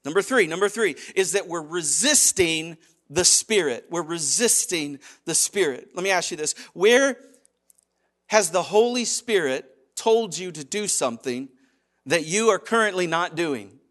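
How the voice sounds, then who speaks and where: High-voiced man preaching conversationally. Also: measured pace. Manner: animated, conversational preaching with quiet acted asides. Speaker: pastor. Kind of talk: sermon.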